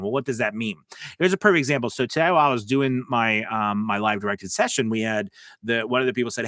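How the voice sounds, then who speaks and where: A chatty American man with a faint Southern drawl, coaching voice actors in a relaxed livestream. His voice sits at a middling pitch, and he talks in loose, rambling asides full of fillers. The sound is dry and close, with no room echo. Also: fast talker. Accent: slight Southern US drawl. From United States. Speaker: voice-over coach and livestream host. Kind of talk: casual livestream chat.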